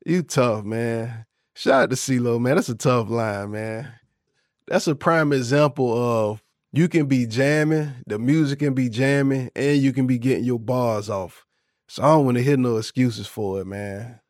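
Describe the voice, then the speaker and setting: A man's voice: medium pitch, a little slow, a little mellow, dry recording, clean studio sound. Laid-back Southern man podcasting. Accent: Southern US, Florida. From Florida, US South. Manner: laid-back slangy banter, laughs often. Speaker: podcast host. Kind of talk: casual solo podcast commentary.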